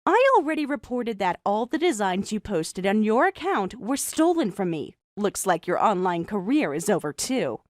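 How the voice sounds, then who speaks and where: A young woman voicing a calm, mocking designer who also narrates the story in first person. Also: medium pitch, dry recording, studio quality, lightly acted. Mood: cold mocking. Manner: cool, mocking, measured.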